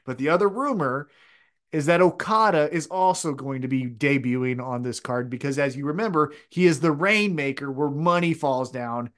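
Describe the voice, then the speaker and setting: A man's voice: on the high side, moderate pace, fairly bright tone. A man co-hosting a casual wrestling chat podcast, rambling and opinionated as he talks things through. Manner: rambling, opinionated, restarts often. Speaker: podcast co-host.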